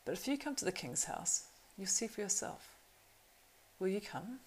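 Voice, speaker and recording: A woman's voice: medium pitch, very animated, normal speed, a little hiss or hum, voice pushed up, natural voice, poor audio. A woman voicing a proud young male horse-lord marshal in an audiobook reading, earnest and urgent. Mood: bitter, wary.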